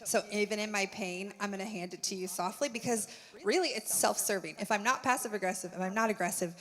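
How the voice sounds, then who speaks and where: A woman speaking at a church conference in a lively, chatty way, peppering her talk with "like". She acts out quoted thoughts as she goes. Her voice rings out with a long auditorium reverb. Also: medium pitch, quick pace. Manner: animated, full of "like", acts out quotes. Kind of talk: conversational stage talk. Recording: long reverb of a large hall.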